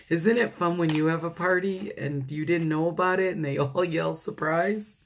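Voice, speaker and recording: A woman pastor reading a picture book aloud to children, animated, laughing often and talking to her listeners. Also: deep voice, slight background noise.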